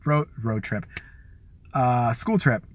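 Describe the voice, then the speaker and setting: A man's voice: mid-range voice, animated, slow pace, a little hiss or hum. A man from the Chicago area hosting a live show, telling crude, rambling stories about his school days and laughing often. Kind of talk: casual profane storytelling.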